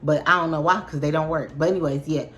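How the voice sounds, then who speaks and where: Low-voiced chatty woman vlogger. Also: fast talker. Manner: chatty, slangy and expressive. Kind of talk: casual storytime chat to camera.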